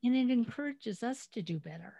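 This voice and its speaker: A middle-aged woman hosting a podcast, telling family stories in a chatty, animated way over a remote call. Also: fairly high pitch, fairly quick, gravelly, no room sound. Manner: storytelling, chatty, animated retelling. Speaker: podcast host. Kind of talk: casual interview chat.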